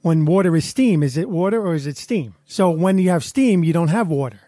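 A man's voice: a little high, animated, a little fast, dark tone, no echo, studio quality. A man with a Brooklyn accent, co-hosting a podcast and arguing his points bluntly in casual discussion. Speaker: podcast co-host.

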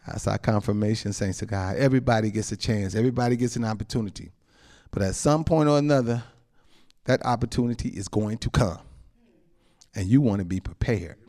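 A pastor preaching a sermon, dropping frequent amens and chuckles, moving between soft, low asides and loud, high exclamations. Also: male voice, a little fast, pauses often.

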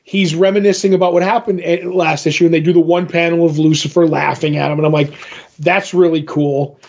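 A man's voice: on the high side, level tone, fast talker, vocal fry, darkish tone. Rambling podcast guy, lo-fi sound. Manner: rambling retelling with many fillers. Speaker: podcast co-host. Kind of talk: casual comic book chat.

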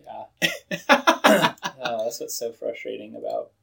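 A man's voice: medium pitch, huge pitch swings, slow, vocal fry, sharp tone, breathy edge. A man co-hosting a podcast, mostly giving short reactions in casual chat. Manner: short reactions and backchannel comments. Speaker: podcast co-host.

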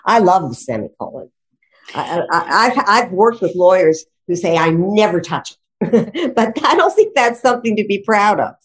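A writing and grammar instructor appears as a guest in a conversational interview, enthusiastically walking through the rules and frequently breaking into laughter. She speaks at a moderate pace with a medium-pitched, husky, sing-song voice.

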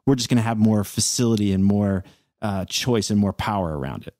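A man's voice: on the low side, brisk, a little mellow, dry recording, clean studio sound. A man hosting a podcast interview, thoughtful, repeating words as he searches for his phrasing. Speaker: podcast host. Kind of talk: conversational interview.

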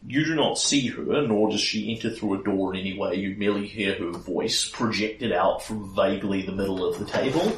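A man narrating as game master of a tabletop game, explaining events in a relaxed way. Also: on the low side, a little fast, hardly any pauses, slight background noise. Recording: echoey room, mic at a distance.

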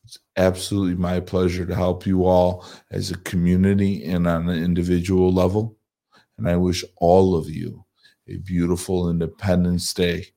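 A man's voice: deep voice, dark tone. A middle-aged man hosting a podcast, talking earnestly and reflectively about his morning routine and giving himself grace. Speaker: podcast host. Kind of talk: motivational podcast talk.

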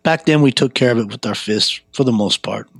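A man's voice: mid-range voice, a little fast, vocal fry, no room sound. Man telling a story in a dry room. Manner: animated, laid-back street talk. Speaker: interview guest. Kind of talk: casual storytelling.

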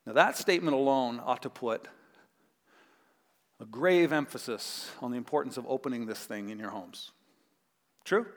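A man preaching a sermon as pastor, telling a Bible story with animated acted-out voices. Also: mid-range voice, normal speed, pauses often. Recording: long hall reverb.

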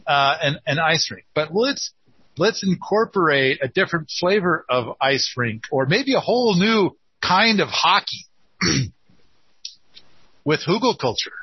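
Husky, playful male host. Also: fairly high pitch, very animated, measured pace, no echo, muffled recording. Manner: playful, teasing. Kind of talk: casual call-in chat.

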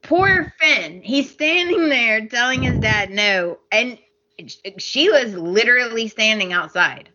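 Animated, bright-voiced woman chatting. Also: fairly high pitch, slow, lo-fi sound. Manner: animated, exasperated, laughs often. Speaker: podcast co-host. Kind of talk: casual chat recapping a soap opera.

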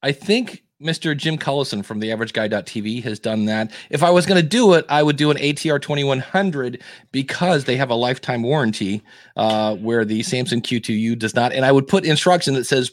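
A man's voice: medium pitch, fairly quick, dry recording, studio quality. A man explaining things practically as a guest in a casual podcast conversation. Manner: explanatory, animated, practical advice.

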